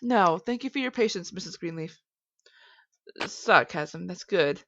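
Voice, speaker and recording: A woman's voice: lowish voice, lively intonation, measured pace, dry recording. A woman voicing a wry, probing detective who asks sarcastic questions, in a dull lo-fi recording.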